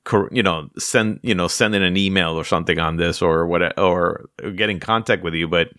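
A man's voice: low voice, normal speed, bright, forceful tone, no room sound, clean studio sound. Laughing, rambling New man. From the Bronx, New York. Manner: laughs often, rambling with many fillers. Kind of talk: casual podcast chat.

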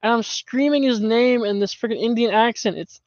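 A man telling stories from his gaming group in a casual chat, animated and quick to laugh, with plenty of filler words. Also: extremely high pitch, a little hiss or hum. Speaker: podcast guest, longtime community member. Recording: dull lo-fi voice-chat audio.

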